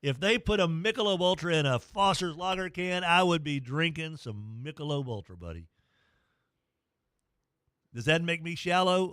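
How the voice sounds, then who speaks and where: A man's voice: a little high, lively intonation, normal speed, fairly bright tone, clean tone, no room sound, clean studio sound. Rambling, jokey sports radio man. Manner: rambling, jokey, self-deprecating. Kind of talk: casual sports talk radio.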